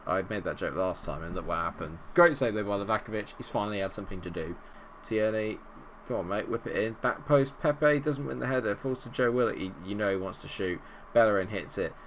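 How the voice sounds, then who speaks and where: Excitable man commentating a game. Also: deep voice, a little hiss or hum. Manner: animated, swings into loud shouts at goals. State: unwell, not feeling great. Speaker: gaming video host.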